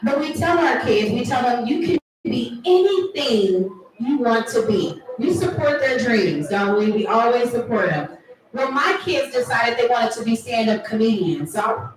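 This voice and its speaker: A woman's voice: fairly high pitch, a little hiss or hum. A woman in her thirties doing a playful stand-up comedy set with teasing crowd work at a live event. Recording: echoey room, from far off.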